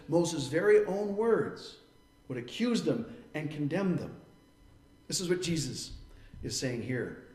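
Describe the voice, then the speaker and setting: A man's voice: fairly high pitch, a little mellow, reverberant. A man preaching a sermon in an earnest tone. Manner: earnest preaching, acting out quoted voices. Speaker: pastor.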